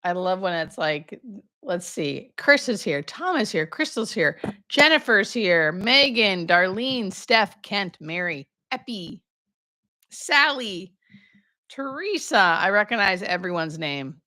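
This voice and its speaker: A hospice nurse in her thirties livestreams a casual Q&A, naming viewers as she greets them and poking fun at herself in chatty asides. She sounds very animated and bright, with a mid-range pitch, slow pace and forceful tone.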